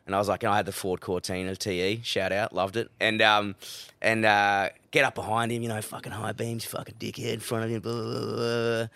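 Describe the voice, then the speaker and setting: A bright, forceful Australian man tells wild stories on a podcast. He swears constantly and leaps into shrill voices when quoting people. The sound is close and dry. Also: brisk, vocal fry, dry recording. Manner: swears constantly, loud animated retelling with high-pitched quoted voices. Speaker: comedian guest. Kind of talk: casual podcast storytelling.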